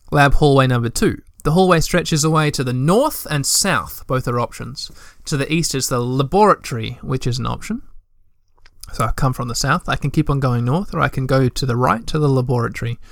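Gravelly man reading a game aloud. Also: mid-range voice, no echo, studio quality. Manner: chatty, joking asides. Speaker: let's play host.

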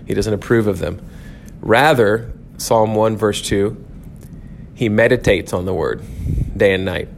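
A man's voice: fairly low pitch, a little slow, creaky, slight background noise. A man teaching an informal Bible lecture at a church, talking conversationally and correcting himself often, with many "um"s and "okay?"s.

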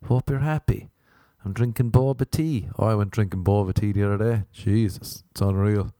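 A man hosts his podcast alone, drifting through profane, self-mocking rants in a casual monologue. His voice sits on the low side and sounds mellow. The sound is dry and close to the mic. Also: steady tone, moderate pace, no room sound. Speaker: podcast host. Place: Los Angeles.

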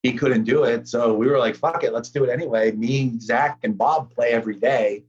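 A man's voice: medium pitch, moderate pace, husky, lo-fi sound. A man talking casually as a podcast guest, rambling in a laid-back way with lots of fillers. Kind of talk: casual conversation.

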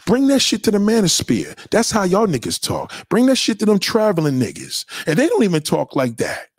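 Brief: young adult male streamer, husky, animated pitch, heated profane slang rant, dry close sound. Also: no echo. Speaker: livestream host answering chat. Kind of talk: casual livestream rant.

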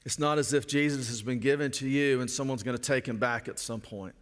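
A middle-aged man preaching a sermon in an earnest way, repeating phrases for emphasis and slowing down on key lines. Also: mid-range voice. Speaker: pastor. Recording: long hall reverb.

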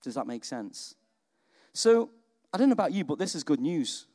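A male preacher delivers a sermon in a chatty, lively style and keeps turning to his listeners with questions. His voice sits fairly high for a man. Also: moderate pace. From England. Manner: lively, conversational, asks the audience questions.

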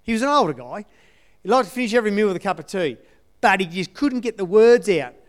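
A man's voice: sits high, lively intonation, fast. A man giving a conversational sermon testimony in an earnest way, repeating his key phrases. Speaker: church speaker sharing testimony.

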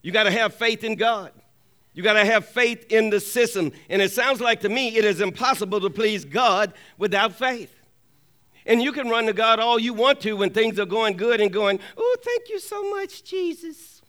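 A man delivers a sermon at a moderate pace in a high, ringing voice that stays smooth, clear, and a bit bright. He works the congregation with call-and-response, pressing for an amen, and repeats key lines twice to drive them home.

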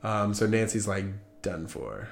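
A man's voice: fairly low pitch, sing-song, normal speed, creaky. A young man co-hosting a podcast, casually retelling a film's plot in a loose, rambling way with lots of "like". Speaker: podcast co-host. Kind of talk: casual movie chat.

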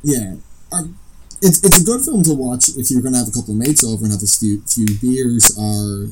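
A man's voice: mid-range voice, lively intonation, brisk, music in the background, poor audio. A man co-hosting a casual film podcast, chatty, laughing easily and trailing off mid-thought. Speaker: podcast co-host.

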